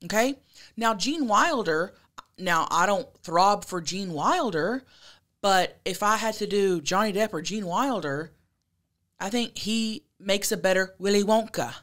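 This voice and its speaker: A woman co-hosts a podcast in loose, casual chat, blunt and brash in what she says. Her voice swoops up and down with lively intonation at a middle pitch. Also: measured pace. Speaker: podcast co-host.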